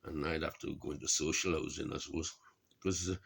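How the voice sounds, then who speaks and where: A man's voice: extremely low pitch, fairly even intonation, brisk, gravelly, husky. A middle-aged man from Wales, rambling and grumbling to camera, swearing a lot and laughing at his own remarks. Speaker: vlogger. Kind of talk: rambling casual monologue.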